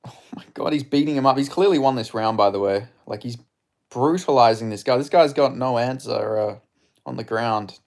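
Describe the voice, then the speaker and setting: Excitable man doing fight watch-along commentary. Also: mid-range voice, moderate pace. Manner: excitable, swearing, chatty with viewers. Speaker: streamer.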